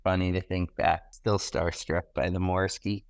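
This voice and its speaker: A man's voice: low voice, moderate pace, no echo. A young man from Canada, a podcast guest, telling stories in an enthusiastic, slangy way and acting out what people said. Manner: enthusiastic, animated, slangy, acts out quotes. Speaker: podcast guest, pro snowboarder. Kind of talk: casual podcast storytelling.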